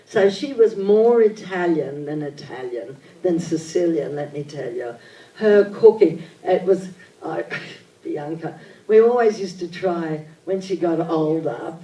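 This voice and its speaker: An older woman, telling childhood stories in an animated, theatrical way at a live on-stage interview. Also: fairly low pitch. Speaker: interview guest. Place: event venue with audience. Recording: echoey hall, mic at a distance.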